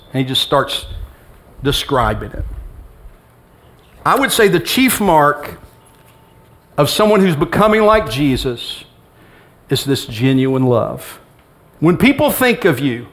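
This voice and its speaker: A man's voice: fairly high pitch, fairly bright tone. A middle-aged male pastor giving a sermon in a church, conversational and humorous, acting out bits of dialogue. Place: church sanctuary with congregation.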